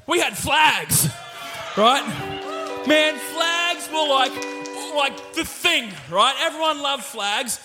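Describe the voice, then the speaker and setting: A man preaching an energetic sermon in a church, rallying the congregation and often calling out to them. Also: very high voice, slow pace, raised voice. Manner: energetic, exclaiming, leading the congregation. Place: church sanctuary. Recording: long hall reverb with faint music.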